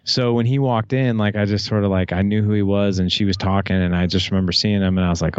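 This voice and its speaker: A man's voice: lowish voice, fairly even intonation, fast, hardly any pauses, smooth, no echo, lo-fi sound. A man in his thirties, a podcast guest, telling a personal story casually and candidly, full of restarts and "like", with some swearing. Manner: casual, profane, retells dialogue with many "like"s and restarts.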